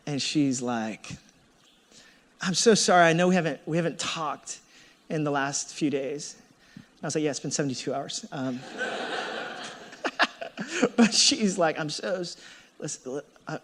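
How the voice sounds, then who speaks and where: A man in his thirties preaching a sermon as a pastor, telling a personal story with animated delivery and acting out his own thoughts. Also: fairly high pitch. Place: church hall. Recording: long hall reverb.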